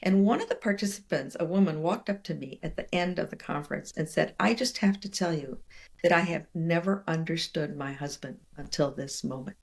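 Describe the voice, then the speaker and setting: Gravelly-voiced older woman, lower-pitched, lively conversational storyteller, guest on an interview. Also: fairly quick. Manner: animated, expressive storyteller with quoted voices.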